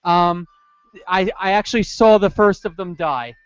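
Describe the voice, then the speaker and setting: A man's voice: high-pitched, unhurried, clear, resonant tone, no room sound, lo-fi sound. A man co-hosting a podcast, chatting casually and telling stories with jokes. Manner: joking, loose storytelling with put-on voices. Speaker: podcast co-host. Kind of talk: casual comedic chat.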